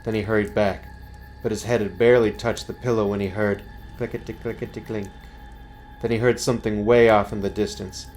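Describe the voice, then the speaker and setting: A man reading a scary story aloud, slow and building suspense. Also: fairly low pitch, steady tone, a little mellow, faint music behind.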